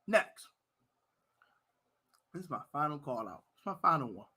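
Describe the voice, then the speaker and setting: An American man hosting a fan live stream, ranting loudly about his team's players and shouting at times. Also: on the high side, moderate pace. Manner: loud, animated ranting, shouting and laughing. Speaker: sports fan show host. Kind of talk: heated live-stream rant.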